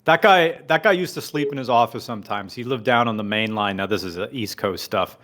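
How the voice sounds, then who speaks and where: A man's voice: fairly low pitch, brisk, fairly bright tone. A man speaking over a remote call as a podcast guest, telling stories and joking in casual chat. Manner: storytelling, joking.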